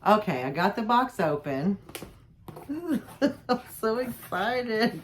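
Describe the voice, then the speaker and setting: A woman's voice: fairly high pitch, very animated, takes it slowly, pauses often, slight background noise. A woman vlogging at home, unboxing a parcel in a gushing, exclamatory way and calling her viewers y'all. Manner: gushing, exclamatory, laughs often. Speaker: jewellery vlogger. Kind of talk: excited unboxing vlog. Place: home, with a pet nearby.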